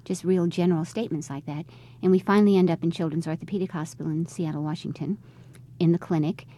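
Fast-talking low-voiced woman recounting a story. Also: steady tone, mellow. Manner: conversational, re-enacts quoted dialogue. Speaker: interviewee, mother. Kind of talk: personal storytelling interview.

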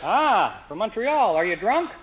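A man's voice: high voice, very animated, unhurried, highs cut off, very noisy, pitched above the performer's own voice. A man voicing a nosy fellow passenger on a train who pries with leading questions. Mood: prying.

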